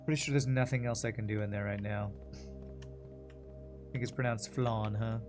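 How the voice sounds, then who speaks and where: A man's voice: lowish voice, fairly even intonation, moderate pace, music in the background. A man streaming a puzzle game, muttering and thinking aloud to himself and his chat. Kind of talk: casual gameplay commentary.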